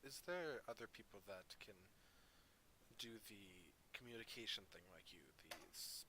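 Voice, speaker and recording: Hesitant low-voiced man at a game table. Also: animated, moderate pace, sharp tone, slight background noise, low-quality recording. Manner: hesitant, with restarts. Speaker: player.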